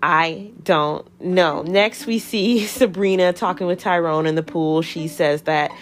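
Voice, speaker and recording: A woman hosting a podcast, recapping a reality show in a chatty, animated way, laughing often and acting out what people said. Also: fairly low pitch, moderate pace. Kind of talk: casual recap commentary.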